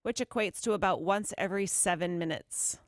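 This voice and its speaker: A woman co-hosting a morning radio show, reading news items in a brisk, chatty way from a studio microphone. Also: medium pitch, dry recording. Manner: brisk newsy delivery, quick laughs. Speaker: radio co-host.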